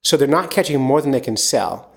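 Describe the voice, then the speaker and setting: A man from near Philadelphia hosts a fishing podcast in an easygoing, rambling way. He talks at an ordinary middle pitch and speeds up in quick bursts. He often loops back on his words. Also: lively intonation, creaky. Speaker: podcast host and fishing guide. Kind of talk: casual podcast chat.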